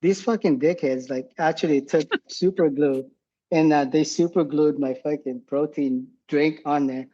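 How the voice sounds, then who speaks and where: Profane, laughing man with a husky voice. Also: on the high side, fairly even intonation, measured pace, dark tone, highs cut off. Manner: profane, rambling, laughs often. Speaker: podcast guest, former combat medic. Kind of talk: casual war storytelling.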